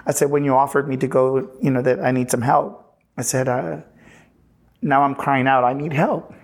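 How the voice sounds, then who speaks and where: A pastor from Texas telling his personal testimony in an earnest, halting way, often restarting sentences and retelling conversations. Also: mid-range voice, fairly even intonation. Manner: earnest, halting, with frequent restarts and retold dialogue.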